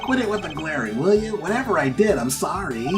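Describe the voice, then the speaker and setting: A high-strung young guy who frets and whines in a raised, lively voice, as a man puts him on. He has a scatterbrained, jumpy manner. Game music plays behind him. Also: fairly quick. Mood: nervous. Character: jittery young male sketch artist, excitable and scatterbrained. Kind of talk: reading game dialogue aloud.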